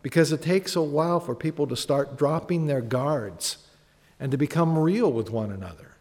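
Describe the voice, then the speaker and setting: A man delivers a sermon as pastor, his voice sitting a little high for a man. He talks conversationally, asks the congregation questions and acts out prayers. A long reverb trails each phrase in the church sanctuary. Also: moderate pace, a little mellow.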